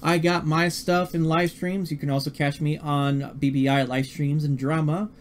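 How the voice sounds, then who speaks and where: A man's voice: on the high side, little pitch movement, slight background noise. A man hosting a live-streamed talk show, speaking casually and often stumbling over his words. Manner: halting, repeats words and restarts. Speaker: podcast host.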